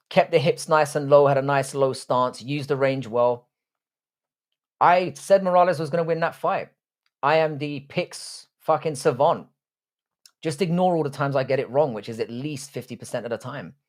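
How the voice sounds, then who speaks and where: A young British man hosting a live stream, chatting casually and crudely as he answers viewer comments with profane, joking banter. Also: medium pitch.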